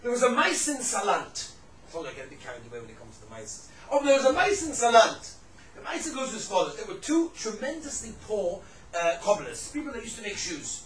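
A man's high-pitched, a bit bright voice swoops wildly in pitch as he moves at a fairly quick pace through a religious lecture on Jewish law and ethics. The religious teacher tells lively stories, repeats phrases, and uses Hebrew and Yiddish terms. An echoey room, a set-back mic that sounds distant, and faint background noise shape the recording.

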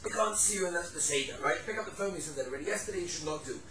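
A man teaching a casual halacha class, animated, acting out quoted speakers and mixing in Yiddish and Hebrew terms. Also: on the high side, rapid-fire, reverberant, distant mic, background noise. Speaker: Torah teacher.

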